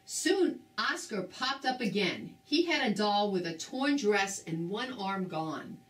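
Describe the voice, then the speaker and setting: An older woman reading a children's book aloud with slow, expressive storytelling. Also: mid-range voice. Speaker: storybook reader. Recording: roomy, distant mic.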